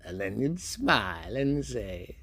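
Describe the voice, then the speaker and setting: A man delivers a theatrical monologue and story in a gravelly voice full of fry, speaking slowly and without hurry. His pitch jumps from a bright sing-song to a low, sneering growl. Playfully, he keeps calling out by name to listeners who aren't actually there.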